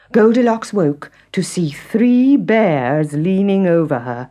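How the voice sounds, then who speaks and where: Woman reading a children's story slowly. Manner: slow, expressive, very lively pitch. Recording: music underneath. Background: instrumental music.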